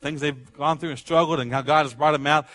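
A man with a slightly high-pitched voice preaches a sermon in a lively, rhythmic way. He leans on repeated phrases and raises his voice to act out quoted speech. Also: fairly quick. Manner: animated preaching, acts out quotes with rising volume. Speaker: pastor.

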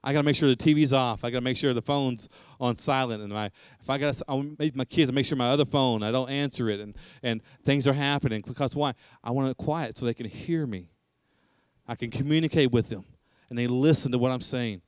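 A man's voice: mid-range voice, brisk, clean tone, dry recording, studio quality. A middle-aged man, a pastor, preaching a sermon and repeating lines for emphasis.

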